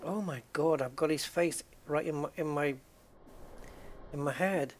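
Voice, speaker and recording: A man's voice: on the high side, measured pace, a little hiss or hum. A man chatting casually as he plays a game, rambling and often restarting his sentences. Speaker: game streamer. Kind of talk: casual chat while gaming.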